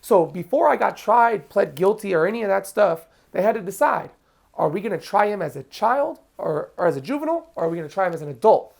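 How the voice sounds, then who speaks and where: A man's voice: high voice, animated, fairly quick, gravelly. A man telling his own story in a casual interview, frank and emotional, acting out what others said to him. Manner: vivid storyteller acting out other people's lines. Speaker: interview guest.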